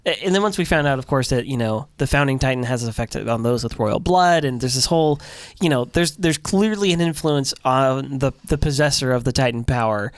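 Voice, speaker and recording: A man's voice: mid-range voice, brisk, dry recording. Male podcast co-host, analytical talker, dry recording. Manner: talkative, builds arguments, restarts sentences. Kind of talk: casual chat, analyzing an episode.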